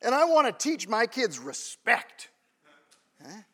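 A man's voice: very high-pitched, very animated, measured pace, sharp tone, slightly rough. A man in his thirties preaching a sermon in a conversational way, often checking in with the congregation. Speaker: pastor.

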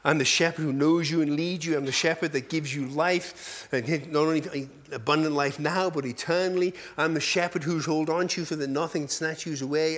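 A male pastor preaching a sermon in an animated, self-deprecating way, full of rhetorical questions. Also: fairly high pitch.

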